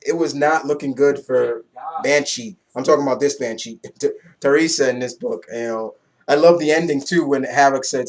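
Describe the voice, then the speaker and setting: A young man giving a casual, excitable comic book review, loose and swearing freely. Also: mid-range voice, moderate pace.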